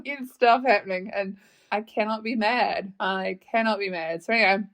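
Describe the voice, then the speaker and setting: A woman's voice: medium pitch, normal speed, fairly bright tone. A young woman with a New Zealand accent hosting a podcast, telling a story in a chatty way, swearing freely and often laughing. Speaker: podcast host. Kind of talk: casual storytelling monologue.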